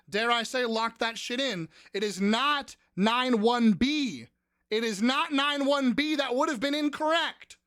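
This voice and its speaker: With a voice that sits a little high, this live-stream trivia host is excitable and profane, often breaking into shouts and squeals.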